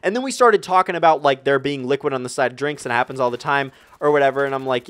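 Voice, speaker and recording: A young man vlogging a storytime rant, animated and profane, rambling with lots of fillers. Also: medium pitch, quick pace, few pauses, smooth. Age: young adult.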